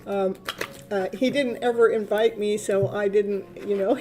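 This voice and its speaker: A woman's voice: mid-range voice, steady tone, unhurried, dark tone, soft background music. A woman, a tarot reader hosting a live stream in casual, rambling chat, laughing often.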